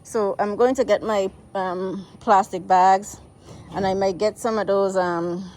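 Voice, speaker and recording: A woman's voice: medium pitch, fairly even intonation, measured pace. An American woman from the United States giving a casual, easygoing walking tour of her rural homestead and talking straight to her viewers, recorded outdoors on a handheld phone. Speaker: vlogger. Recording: loud outdoor background noise.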